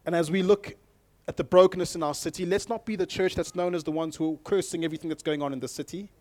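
A man preaching a sermon to his congregation, moving from calm scripture reading to loud, emphatic exhortation and speaking directly to the people in front of him. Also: fairly high pitch, fast, no echo. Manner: addresses the congregation directly with audience prompts. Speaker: pastor.

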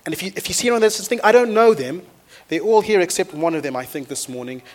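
A man, a pastor preaching a sermon to his church with energetic storytelling that rises into loud exhortation. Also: sits high, quick pace. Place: church auditorium.

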